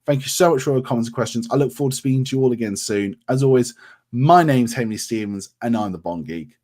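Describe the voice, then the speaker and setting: A man's voice: mid-range voice, quick pace, a little mellow. A man from England hosting a casual livestream, reading out viewer comments and answering them in a friendly, chatty way with lots of ums. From England, grew up around Milton Keynes. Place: home in North Yorkshire.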